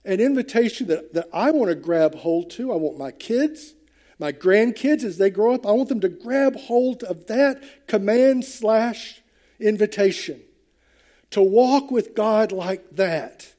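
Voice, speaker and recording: A man's voice: high voice, animated, measured pace, dark tone. An older man preaching a sermon to his congregation in church, earnest and conversational, with hesitant fillers. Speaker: pastor.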